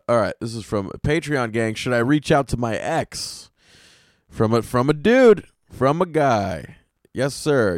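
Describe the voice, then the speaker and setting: Young male podcast host, a middle-pitched voice, profane exasperated comic ranting, close and dry. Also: clean tone, no echo. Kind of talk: solo comedic podcast rant.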